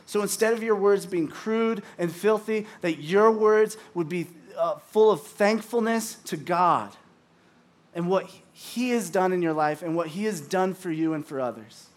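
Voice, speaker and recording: Chatty male pastor with a higher voice. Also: a little slow. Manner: chatty, full of "like" and restarts, acts out little dialogues. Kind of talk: casual conversational sermon.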